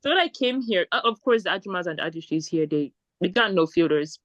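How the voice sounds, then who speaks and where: A woman from Nigeria, co-hosting a podcast and telling stories in an animated, casual way. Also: on the low side, quick pace, no room sound, lo-fi sound. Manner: animated storytelling. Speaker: podcast co-host. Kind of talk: casual chat.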